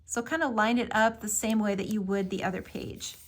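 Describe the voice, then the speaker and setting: A woman's voice: mid-range voice, fairly even intonation, fairly quick. A woman giving a casual step-by-step craft tutorial, explaining each move with friendly fillers. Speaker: craft instructor.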